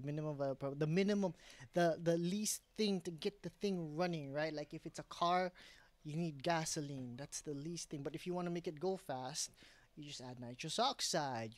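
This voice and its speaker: A man's voice: on the high side, no room sound. A young man vlogging at his home desk setup, rambling casually with frequent restarts and self-corrections.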